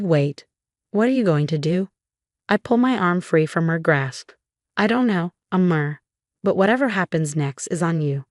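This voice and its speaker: Woman narrator for a first-person family drama, lower voice, dry close sound, does all the dialogue herself. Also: no echo. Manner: reads other characters' lines in her own voice.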